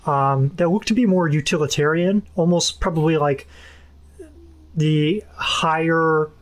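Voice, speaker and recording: A man with a fairly high voice runs a tabletop game as game master. He narrates casually, stopping and restarting often with filler words. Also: steady tone, unhurried.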